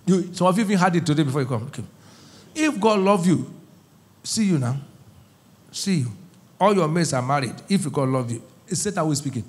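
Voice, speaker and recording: Brief: middle-aged male pastor, high voice, call-and-response sermon, soft asides to shouts.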